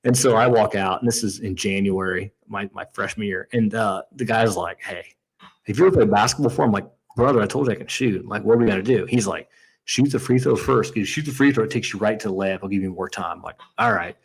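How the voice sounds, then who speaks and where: A man's voice: lowish voice, fast, breathy edge, poor audio. A man in his thirties from Indiana, co-hosting a casual chat and telling a story with lots of restarts and quoted asides. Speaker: podcast co-host.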